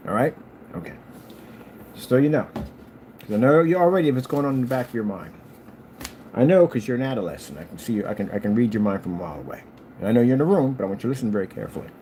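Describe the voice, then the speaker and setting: A man hosting his own channel, talking in a casual rambling monologue and jumping up high when he quotes people. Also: fast, long pauses, a little hiss or hum. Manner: animated storyteller, jumps high for quoted lines; scolding, talks straight to a critic. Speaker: channel host.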